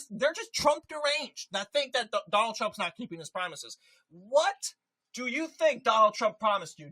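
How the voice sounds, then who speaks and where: A political commentator ranting in an animated, emphatic way, often repeating a point for effect. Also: sits high, low-quality recording.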